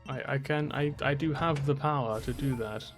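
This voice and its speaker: A man's voice: medium pitch, moderate pace, music in the background. A man streaming a video game, chatty and self-deprecating, swearing and laughing often. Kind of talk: casual game commentary.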